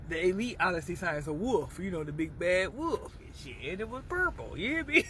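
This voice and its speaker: A vlogger from Battle Creek, Michigan talks off the cuff to his viewers in a high, sing-song, sharp-toned voice, speaking fairly quickly over slight background noise. His loose, rambling monologue strings puns together, swears heavily, and keeps asking "you hear me?"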